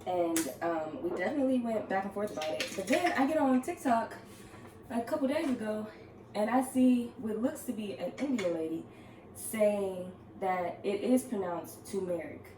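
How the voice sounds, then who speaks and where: A woman's voice: mid-range voice, lively intonation, moderate pace, background noise. A woman chatting casually with her viewers while getting ready at home, laughing often and calling them "girl". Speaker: vlogger. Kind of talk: casual get-ready-with-me chat. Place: home kitchen, then upstairs.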